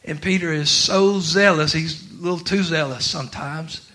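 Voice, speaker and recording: A man preaching a sermon, dropping to quiet talk and then rising to shouts with laughter. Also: a little high, normal speed. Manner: swings from quiet to shouting, laughing through lines.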